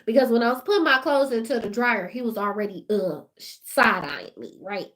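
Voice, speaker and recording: Woman, high voice, animated storytelling, laughing asides. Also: a little fast. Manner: animated, laughing, talks straight to viewers. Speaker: vlogger. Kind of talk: casual storytime rant.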